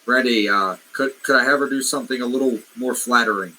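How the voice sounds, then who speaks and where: A man taking part in a tabletop game as a player, talking in a relaxed, easygoing way. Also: mid-range voice, brisk, a little hiss or hum, low-quality recording.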